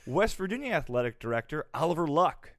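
A man's voice: a little high, very animated, fairly quick, a bit bright, no echo, clean studio sound. Playful man hosting a sports podcast. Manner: mock-formal, laughs through his lines. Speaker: podcast host. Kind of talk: comedic sports podcast banter.

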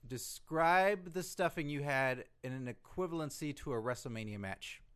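A man's voice: fairly high pitch, normal speed, fairly bright tone, smooth. A man co-hosting a podcast, chatting casually with dry, sarcastic teasing. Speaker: podcast co-host. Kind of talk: casual comedic chat.

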